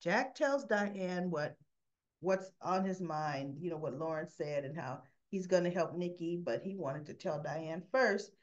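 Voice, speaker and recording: A woman's voice: on the low side, animated, measured pace, dull audio. A woman hosting a soap opera recap, chattily retelling scenes as "he goes, she goes.". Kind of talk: casual storytelling recap.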